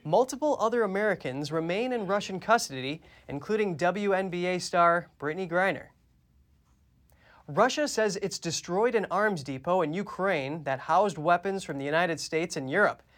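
A man anchoring a news program, reading the headlines in a measured, crisp way. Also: high voice, a bit bright.

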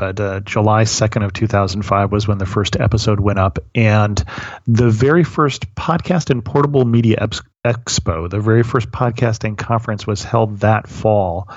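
A man's voice: lowish voice, creaky, no echo. A man being interviewed as a podcast guest, talking in a modest, self-deprecating way with a dull, lo-fi sound. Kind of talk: casual interview conversation.

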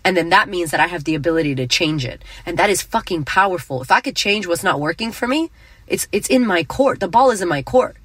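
A woman's voice: on the low side, lively intonation, a little fast, fairly bright tone, slightly rough, no echo. A middle-aged woman hosting a motivational podcast, talking bluntly and emphatically, with frequent swearing. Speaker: podcast host.

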